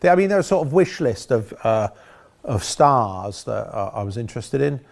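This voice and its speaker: A man's voice: medium pitch, sing-song, normal speed, gravelly. A man, a film director, telling rambling anecdotes in an interview with dry humor.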